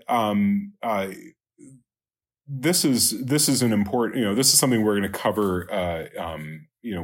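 Slow, halting man with a husky voice. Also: fairly low pitch. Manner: slow, halting, many ums and uhs. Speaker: Latin teacher. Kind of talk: recorded lecture walking through exercises.

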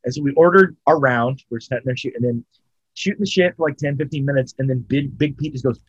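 Husky-voiced man telling a rambling story. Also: mid-range voice, fast, no echo, highs cut off. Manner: rambling and profane, with lots of fillers. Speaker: storyteller among friends. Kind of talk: casual chat.

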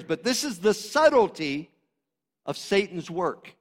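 A pastor preaching a sermon with passion, swinging between loud emphatic stretches and quieter explanation. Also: male voice, sits high, animated, normal speed. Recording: long hall reverb.

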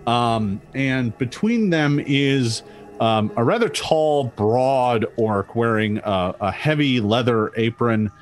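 Slow unhurried guy running a tabletop game, lots of ums and laughs, faint music underneath. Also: medium pitch. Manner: hesitant, many fillers, laughs often. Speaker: game master.

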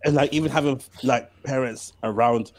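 A man's voice: medium pitch, normal speed, a little mellow. A man, co-hosting a casual podcast chat in a joking, light way. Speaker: podcast co-host.

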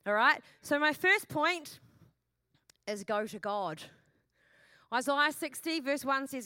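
A woman pastor preaching a sermon in a lively, chatty way, with self-mocking asides and repeated questions to the congregation. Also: medium pitch, moderate pace, smooth, no room sound.

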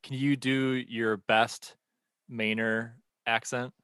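A man's voice: mid-range voice, little pitch movement, takes it slowly, a bit bright, smooth, no echo. A man hosting a casual podcast, joking with the guest in a playful way. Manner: jokey, playful. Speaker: podcast host.

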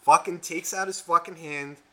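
A man co-hosting a podcast, telling a rambling story in casual chat, profane and animated. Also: a little high, normal speed. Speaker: podcast co-host.

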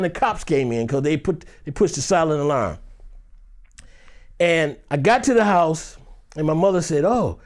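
Brief: male actor from Detroit, lively anecdotal storyteller with a raised, animated voice. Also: high voice. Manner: vivid, dramatic, acts out scenes with shifting voices.

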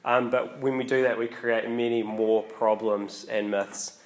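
A man giving a casual, conversational sermon, often pausing with ums and restarting his sentences. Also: mid-range voice, fairly even intonation. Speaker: preacher.

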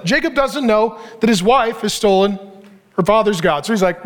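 A middle-aged man preaching a sermon, animated and joking, acting out the people he reads about. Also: sits high, moderate pace. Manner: animated, joking, acts out the characters' lines; preaching to a laughing audience. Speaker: pastor.

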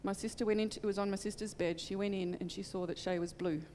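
A woman's voice: medium pitch, steady tone, quick pace, darkish tone, big-room sound, slight background noise. A middle-aged woman preaching in church, telling a personal testimony in an earnest, heartfelt way. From Australia. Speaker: church speaker.

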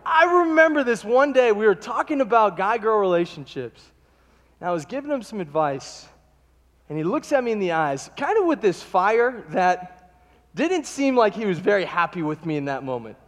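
Male pastor, lively storyteller, high-pitched, miked in a long-reverb sanctuary. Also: normal speed. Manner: animated storytelling, acting out quotes. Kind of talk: sermon. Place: church sanctuary.

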